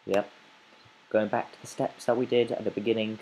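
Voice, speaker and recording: A man's voice: on the low side, fairly even intonation, moderate pace, dark tone, slight background noise, low-quality recording. A man giving playful, rambling let's play commentary as a gaming channel host, chatting to the animals in his game.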